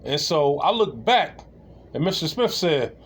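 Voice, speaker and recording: A man's voice: on the high side, big pitch swings, measured pace, slightly rough. A man telling a comedic anecdote in a casual, rambling way, with many restarts and laughs. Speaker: storyteller.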